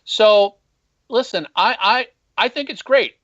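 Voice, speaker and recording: Man caller, bright and forceful, blunt opinions, muffled phone-in sound. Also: sits high, lively intonation, takes it slowly. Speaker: podcast host and former band marketer. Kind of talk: casual call-in interview. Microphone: phone call.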